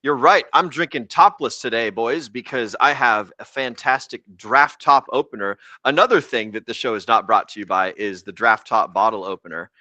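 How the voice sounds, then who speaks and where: A man's voice: medium pitch, normal speed, hardly any pauses, bright, forceful tone, dry recording, dull audio. A young adult American man hosting a casual livestream show, rambling, joking and swearing freely. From United States. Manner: rambling, profane and jokey. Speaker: podcast host.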